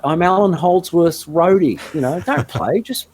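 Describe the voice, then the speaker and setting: A man chatting as a guest guitarist in an interview, telling a long anecdote in a relaxed, rambling way. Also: on the high side, measured pace, breathy edge. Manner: chatty anecdotal storyteller, frequent restarts. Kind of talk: casual storytelling interview.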